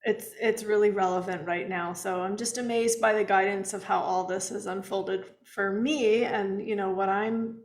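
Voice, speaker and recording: A woman's voice: mid-range voice, fairly even intonation, normal speed, hardly any pauses. Tired woman co-hosting in an echoey room. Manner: earnest and gentle, with frequent soft laughs. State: tired, yawning. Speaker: co-host. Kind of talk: casual spiritual chat on a livestream.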